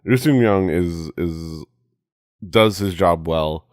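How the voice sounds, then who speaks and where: A man co-hosting a casual podcast chat, halting with many restarts. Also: a little mellow, no room sound, studio quality. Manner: halting, many restarts, jumps into high mimicry. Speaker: podcast co-host.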